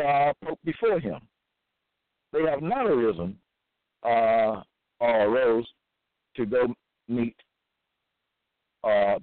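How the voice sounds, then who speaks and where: A man reading scripture aloud in a halting, repetitive monologue, with frequent fillers and restarts. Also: mid-range voice, no echo. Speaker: self-styled preacher. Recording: dry, tinny phone-like sound.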